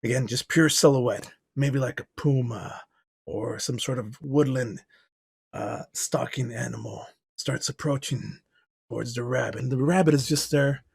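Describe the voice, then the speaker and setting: A man's voice: medium pitch, unhurried, creaky, husky. A man acting as game master, narrating a tabletop game scene in a cinematic, scene-setting way. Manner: playful banter with players.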